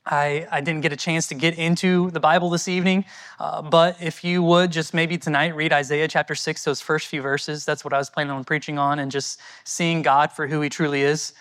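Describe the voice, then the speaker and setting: A man's voice: a little high, level tone, a little fast, a bit bright. A man from the United States, a missionary answering audience questions at a church in an earnest, conversational and thankful way.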